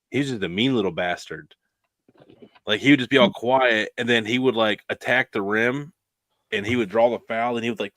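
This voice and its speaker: A man's voice: on the low side, a bit bright, no echo. A man hosting a podcast, telling rambling stories in casual chat. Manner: rambling storyteller, lots of "like" and restarts. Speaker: podcast host.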